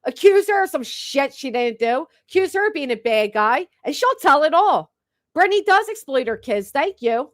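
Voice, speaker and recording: Woman, stream host, blunt, profane, fairly high voice, dry sound. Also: big pitch swings, moderate pace, dry recording. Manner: blunt, profane, talks straight to chat. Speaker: livestream commentary host. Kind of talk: reaction commentary stream.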